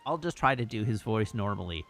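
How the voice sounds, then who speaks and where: A man's voice: lowish voice, animated, a little fast, gravelly, fairly bright tone, faint music behind. A man streaming a video game, playfully teasing and reading chat messages aloud in casual commentary. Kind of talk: casual let's-play commentary.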